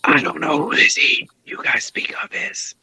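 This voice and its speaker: A man whispering through a casual podcast chat, making deadpan teasing jokes. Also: normal speed. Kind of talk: whispered banter on a podcast call.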